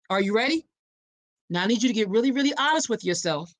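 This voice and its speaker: Animated, high-voiced woman podcast host. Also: no echo. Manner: preachy, direct, addresses listeners as y'all; dramatic pauses and punchy emphasis. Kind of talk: emphatic awareness podcast monologue.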